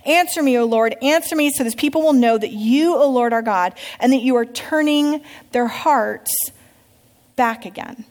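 A woman's voice: on the high side, moderate pace, a little mellow, lightly acted. A woman reading aloud the lines of a stern, zealous male prophet, giving them a commanding tone. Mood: praying. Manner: commanding, taunting. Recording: long hall reverb.

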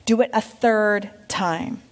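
A woman's voice: mid-range voice, takes it slowly, natural voice. A woman reading aloud the lines of a stern, zealous male prophet, giving them a commanding tone. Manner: commanding, taunting. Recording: long hall reverb.

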